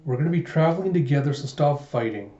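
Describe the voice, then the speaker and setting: A man's voice: a little high, lively intonation, fast talker, mellow, close to an everyday voice. A man voicing a firm young princess who scolds her quarreling companions, reading aloud from a manga. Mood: scolding. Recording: dull echoey room recording.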